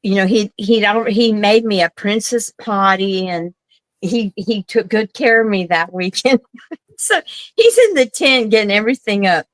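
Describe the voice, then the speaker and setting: A woman telling a story in a casual chat, chatty and giggly, quick to jump in. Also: mid-range voice, animated, no room sound, poor audio. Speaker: show guest.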